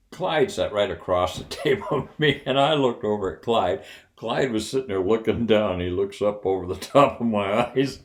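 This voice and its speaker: An older man, a retired Air Force officer, telling personal anecdotes in a folksy, animated way with wry humor. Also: low voice.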